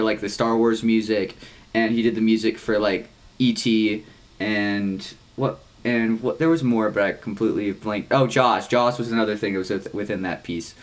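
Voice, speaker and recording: A young man co-hosting a podcast. He tells a long, rambling story in casual chat, swearing freely and saying "like" constantly, with excited jumps in pitch. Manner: rambling, heavy use of "like", frequent swearing. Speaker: podcast co-host.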